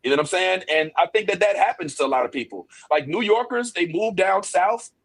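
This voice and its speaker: Husky, animated man hosting a chat. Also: sits high, a little fast. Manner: animated, joking, swears freely. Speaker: podcast host. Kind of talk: casual chat.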